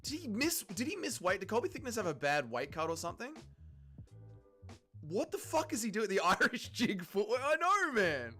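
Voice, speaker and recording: A young man, hosting a fight watch-along livestream, mocking and profane, swinging between disbelief and deadpan. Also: high voice, normal speed, soft background music. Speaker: livestream host.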